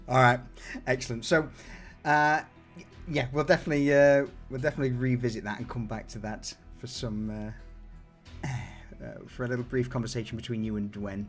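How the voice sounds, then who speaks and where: Hesitant male game master, middle pitch. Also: normal speed, husky, soft background music. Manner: relaxed, hesitant narration with many fillers. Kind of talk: narrating a tabletop game.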